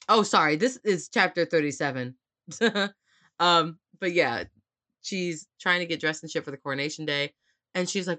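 A woman's voice: deep voice, moderate pace, a bit bright. A woman recapping a novel chapter in casual chat with friends, swearing freely and acting out the characters' lines. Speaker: book club co-host. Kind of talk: casual book discussion.

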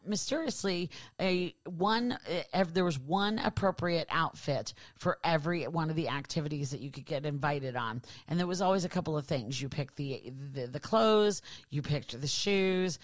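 A woman's voice: deep voice, no echo. A woman hosting a podcast in a rambling, sarcastic, profane monologue. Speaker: podcast host.

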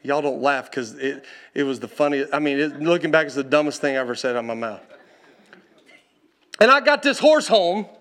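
A man preaching a sermon as a personal story, animated and laughing, often calling out to the congregation. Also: on the high side, fairly quick.

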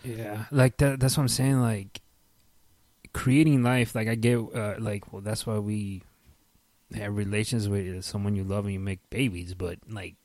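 A man's voice: lowish voice, steady tone, a little slow, darkish tone, no echo. A man in casual podcast chat, joking and swearing loosely with many fillers.

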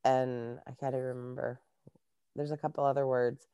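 Low-voiced Canadian woman, chatty. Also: flat delivery, normal speed, dark tone, clean tone, dry recording, studio quality. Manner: chatty, laughs often. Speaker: guest, life coach. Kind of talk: casual interview chat.

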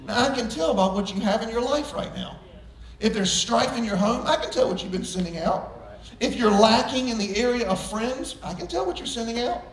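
A man with a very high voice preaching a sermon, emphatic and folksy, leaning on jokes and homespun stories. He is a pastor speaking to his church. The sound is roomy and echoing, and he is heard from some way off the mic. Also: expressive, moderate pace. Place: church sanctuary with congregation. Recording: roomy church echo, voice from far off.

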